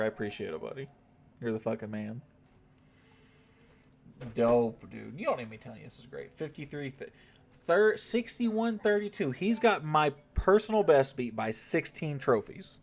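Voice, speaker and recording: A man's voice: medium pitch, darkish tone. A young man streaming a mobile game, chatting casually with viewers and swearing now and then. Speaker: gaming livestreamer. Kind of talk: casual live-stream chat.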